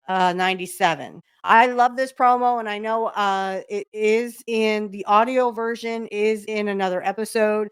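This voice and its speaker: A woman's voice: mid-range voice, clean tone, no room sound, clean studio sound. A woman hosting a podcast in casual chat, rambling with many fillers and restarts. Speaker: podcast host.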